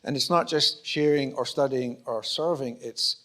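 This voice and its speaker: Speaking at a moderate pace in a mid-range, fairly bright voice, this Scottish-accented pastor gives a sermon in a church auditorium. His style is conversational, full of acted-out exchanges and self-deprecating humour.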